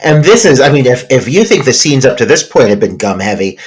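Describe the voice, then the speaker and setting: Emphatic man with a lively voice. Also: mid-range voice, a little fast, husky, low-quality recording. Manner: emphatic, swears often. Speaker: podcast co-host. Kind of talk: casual film review chat.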